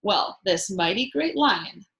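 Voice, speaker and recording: Slow, lively woman teacher reading aloud. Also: medium pitch, poor audio. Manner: slow, expressive, asks listeners questions. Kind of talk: children's storybook read-aloud.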